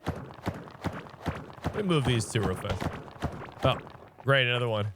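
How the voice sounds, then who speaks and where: A man's voice: mid-range voice, animated, slow pace, over music. A man streaming a video game, chatting casually and thinking aloud while he plays, often firing off questions. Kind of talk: casual let's-play commentary.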